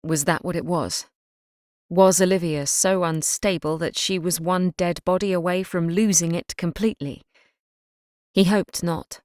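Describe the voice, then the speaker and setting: Woman, audiobook narrator, scripted narration, measured, low pitch, dry close sound. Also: steady tone, a little mellow, no room sound.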